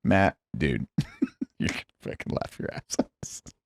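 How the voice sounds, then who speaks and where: A man in his thirties hosting a podcast interview, telling stories loudly with laughter and swearing. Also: slow pace. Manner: loud, laughing storytelling with swearing. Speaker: podcast host.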